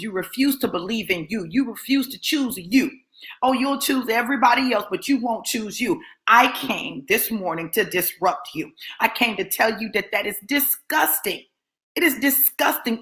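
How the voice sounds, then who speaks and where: Her voice is a little high, pushed and bright, as this motivational preacher delivers a fiery sermon. She's confrontational and blunt, repeating points emphatically to drive them in.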